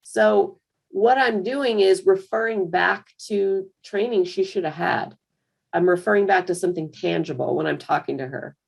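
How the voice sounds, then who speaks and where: A woman giving a conversational screen-share software tutorial for managers, full of fillers and restarts. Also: medium pitch, normal speed, creaky, husky. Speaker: software trainer.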